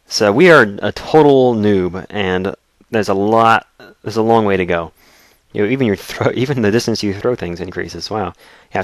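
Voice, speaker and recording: A man's voice: lowish voice, a bit bright, no echo. A man hosting a let's play, giving casual gameplay commentary in a joking, explanatory way with frequent chuckles.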